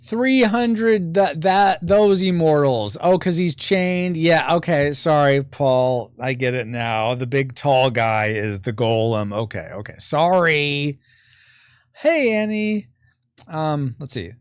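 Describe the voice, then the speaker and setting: Lively man explaining game rules. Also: on the high side, slow pace, smooth, dry recording, studio quality. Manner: explains rules and reads viewer comments aloud, laughs easily. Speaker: podcast host and board game designer. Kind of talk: casual chat during a board game playtest.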